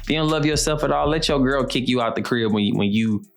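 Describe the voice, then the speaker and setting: A man's voice: medium pitch, quick pace, gravelly, soft background music. A young man hosting a show, giving blunt, repetitive motivational talk full of slang. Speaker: show host. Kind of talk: motivational monologue.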